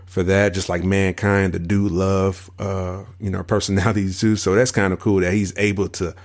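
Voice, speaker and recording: Very deep-voiced laid-back male podcaster. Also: flat delivery, normal speed. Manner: laid-back, filler-heavy agreement. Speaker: podcast co-host. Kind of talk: casual wrestling chat.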